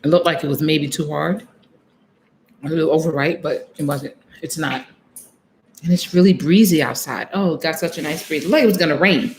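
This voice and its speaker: A woman's voice: low voice, fairly quick, slight background noise. Chatty woman telling a travel story live. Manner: chatty, laughs often, acts out her own lines; talks straight to viewers. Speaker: vlogger on a live stream. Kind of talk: casual live-stream storytelling.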